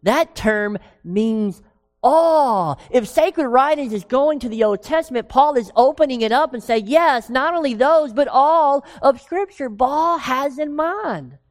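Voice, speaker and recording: A woman preaching a sermon with emphasis, asking the congregation rhetorical questions and slowing down on key words. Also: high-pitched. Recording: long reverb of a large hall.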